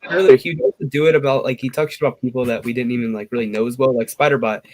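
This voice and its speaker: A man's voice: mid-range voice, steady tone, racing, darkish tone. A man in a casual podcast chat, telling a story in a rambling way, full of "like.".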